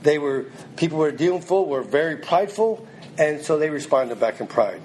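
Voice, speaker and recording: A man's voice: on the high side, expressive, normal speed, a little mellow, slight background noise, rough recording. A man preaching a sermon, reading scripture aloud and then pressing it on his listeners in an earnest, emphatic way.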